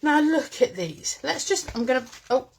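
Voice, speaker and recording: A woman's voice: sits high, animated, moderate pace, slight background noise. A woman hosting a chatty live-stream craft demo from home, bubbly and greeting viewers by name, talking into a phone. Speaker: craft presenter. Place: at home with her dogs.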